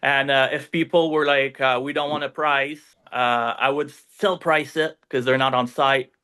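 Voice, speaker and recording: A man's voice: medium pitch, steady tone, measured pace, sharp tone, clear, resonant tone. A man with a French accent, a native French speaker, telling his story as a podcast guest in a rambling way, full of fillers and tag questions. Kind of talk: casual interview storytelling.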